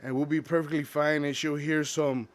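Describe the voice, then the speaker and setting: A young man talking about his past in a personal confessional vlog, halting and full of restarts. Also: on the high side, little pitch movement. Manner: halting, many restarts and fillers. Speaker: vlogger.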